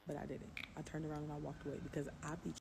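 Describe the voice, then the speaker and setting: A woman telling a personal story in an animated, emphatic way, repeating herself for effect. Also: low voice, very fast, gravelly, background noise.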